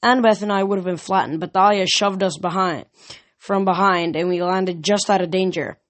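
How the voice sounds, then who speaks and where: A reader narrating a novel chapter aloud in steady first-person storytelling. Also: medium pitch, moderate pace. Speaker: audiobook reader. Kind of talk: fan audiobook narration.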